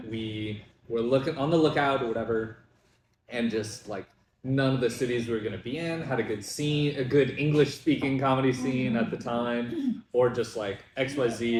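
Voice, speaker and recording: Young male comedian guest, rambling casual chat with fillers, mid-pitched voice, echoey room. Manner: rambling, lots of fillers, animated retelling.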